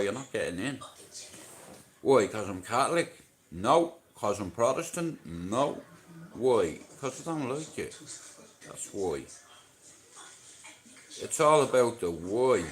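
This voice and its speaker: A Dublin Irish man rambling through casual live-stream banter, swearing freely and cracking jokes. He talks slowly, in a lowish voice. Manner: rambling, profane, jokey banter. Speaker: livestreamer.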